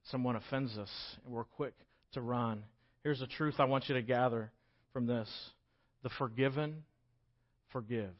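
A man preaching a sermon, swinging from loud, urgent pleas to quiet, emphatic pauses. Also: medium pitch, fairly even intonation. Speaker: pastor. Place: church hall. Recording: dull, lo-fi recording.

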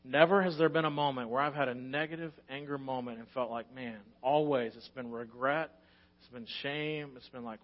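A man's voice: mid-range voice, lo-fi sound. A man with a Texan accent, a pastor preaching a sermon, telling stories with rising energy and then settling into earnest teaching. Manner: animated storytelling, rising loud and fast in anecdotes.

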